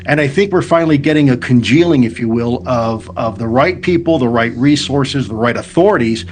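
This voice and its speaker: A man speaking as a guest in a TV news interview, measured and formal. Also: mid-range voice, slight background noise.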